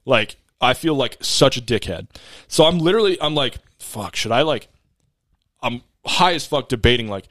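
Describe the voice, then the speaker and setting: A man's voice: mid-range voice, lively intonation, fairly quick, fairly bright tone, dry recording. Laid-back swearing young man telling a story. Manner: laid-back, profane, rambling. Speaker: podcast co-host. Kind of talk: casual storytelling chat.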